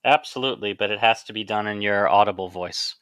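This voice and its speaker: A man co-hosting a podcast, teasing his co-host in quick banter. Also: on the low side, fairly bright tone, clear, resonant tone, no room sound. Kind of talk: casual chat.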